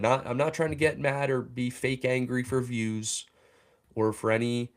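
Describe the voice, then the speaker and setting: A young man hosting a fan show, ranting angrily and heatedly about a sports analyst. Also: medium pitch. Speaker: fan podcast host. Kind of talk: livestream rant.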